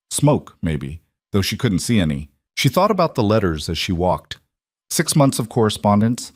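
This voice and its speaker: Male narrator, low register, dead-dry booth sound; calm, measured storytelling. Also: no room sound. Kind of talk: scripted narration.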